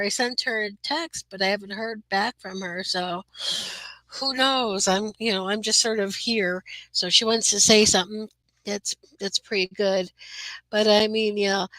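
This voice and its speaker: Bright-voiced woman chatting on a livestream. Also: medium pitch, dry recording, low-quality recording. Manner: chatty, greets viewers by name, many fillers. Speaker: livestream host. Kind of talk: casual live chat with viewers. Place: her own room.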